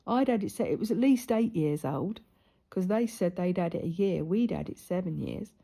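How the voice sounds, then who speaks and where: Chatty woman with a husky voice. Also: fairly low pitch, expressive, moderate pace, mellow. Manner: chatty rambling storyteller, drops into whispered asides. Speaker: sewing vlogger. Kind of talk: casual chat while sewing. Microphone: camera close in front.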